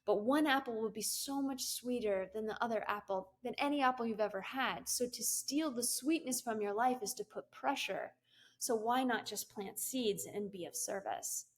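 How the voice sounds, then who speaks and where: Speaking at a normal speed in a voice on the high side, a middle-aged woman guests on an interview show. This business coach and CEO shares her story loosely, giggling, laughing and using plenty of fillers.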